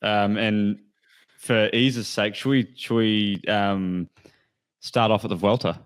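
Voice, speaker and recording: A man co-hosting a casual podcast, chatting in a relaxed, wry way. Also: on the low side, takes it slowly, clear, resonant tone. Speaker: podcast co-host. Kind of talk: casual chat.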